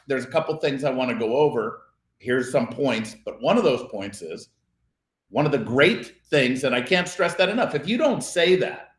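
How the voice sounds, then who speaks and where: A man co-hosting a podcast, recapping advice as numbered tips in a coaching manner. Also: medium pitch. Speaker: podcast co-host. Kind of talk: casual business advice talk. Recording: roomy echo.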